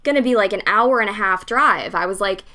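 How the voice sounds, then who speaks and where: Young woman podcast host, bright sharp voice, animated storytelling, swears a lot. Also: mid-range voice, fairly quick. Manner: animated, acts out the dialogue of her story; blunt, swears freely. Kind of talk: casual storytelling.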